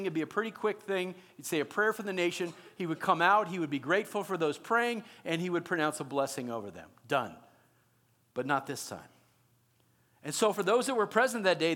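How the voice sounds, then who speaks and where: A male pastor preaching in an animated, conversational manner. His voice sits high, and he often turns to his listeners with questions. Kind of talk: sermon.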